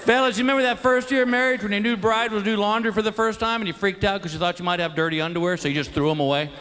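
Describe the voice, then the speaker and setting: Talking very fast in a high voice, a stand-up comedian performs exasperated, folksy stories on stage, impersonating his wife and himself. The live show in a large theater has loud crowd laughter and a little hiss or hum.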